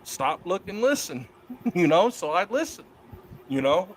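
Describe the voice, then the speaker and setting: A middle-aged man telling wrestling stories in a casual interview, profane and lively. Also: high voice, measured pace, a little hiss or hum. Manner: profane, animated storyteller doing voices of others in quotes. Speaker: guest, wrestler.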